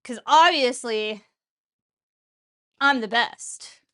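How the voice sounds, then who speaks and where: A young woman with a high, bright-pitched voice chats her way through cooking in her home kitchen. She rambles, jokes about herself and keeps up casual banter with her viewers as she works. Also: very slow. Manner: chatty, self-mocking, talks while cooking. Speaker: cooking show host.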